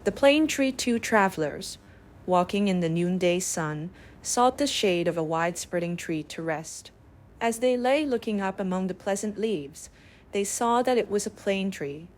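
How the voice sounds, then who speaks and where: A woman narrating bedtime fables in a calm, measured way. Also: mid-range voice. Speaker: storyteller.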